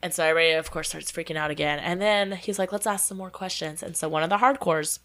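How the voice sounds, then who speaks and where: A woman co-hosting a podcast, telling a story in a casual, animated way and acting out the quoted voices. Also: on the low side, fast. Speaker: podcast co-host.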